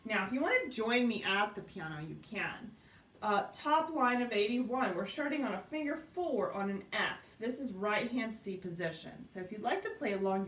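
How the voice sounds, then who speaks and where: A woman teaching a beginner piano lesson, explaining patiently, counting aloud and checking in with her students. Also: mid-range voice. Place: indoors at a piano. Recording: roomy sound from off-mic, piano behind.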